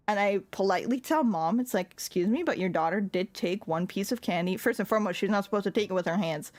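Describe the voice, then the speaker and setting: A young woman telling a story in casual chat, laughing often and filling her talk with "like.". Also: medium pitch. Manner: animated, laughs often, lots of "like" fillers; swears when annoyed. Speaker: streamer.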